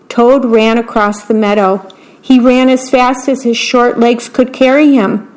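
A woman reading a children's bedtime story aloud as a volunteer radio reader, in a slow, clear, gentle way. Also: fairly high pitch, steady tone.

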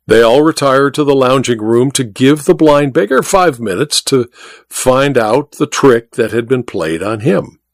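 A man narrating a story as an audiobook reader, with measured, expressive storytelling on a close mic. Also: medium pitch, dry recording. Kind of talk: scripted narration.

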